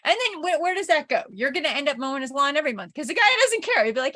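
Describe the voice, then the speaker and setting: Woman professor, higher-pitched voice, loose chatty lecture delivery, tells stories. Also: big pitch swings, fast, sharp tone. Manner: chatty anecdotal storytelling with frequent "like" and "right?". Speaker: communication professor. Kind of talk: informal recorded lecture.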